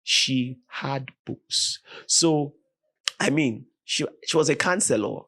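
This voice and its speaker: A Nigerian man, a podcast guest, telling a story with animated, vivid retelling and voiced quotes. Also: mid-range voice, slow pace, slightly rough. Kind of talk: dramatic storytelling in conversation.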